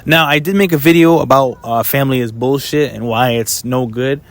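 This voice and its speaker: A man's voice: medium pitch, moderate pace. A young man, talking casually to camera in a blunt, swearing monologue full of "you know" fillers. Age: 20s. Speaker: vlogger.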